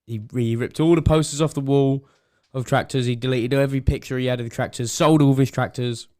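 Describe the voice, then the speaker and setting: A podcast co-host with a medium-pitched, slightly mellow voice speaks briskly and with fairly even intonation. In casual chat, he spins a long, rambling joke full of laughter and trailing asides.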